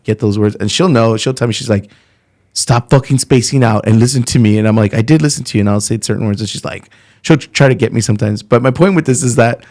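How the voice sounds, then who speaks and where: A man's voice: on the low side, darkish tone. A middle-aged man, a comedian guest on a podcast, telling blunt, profane, rambling stories in casual chat.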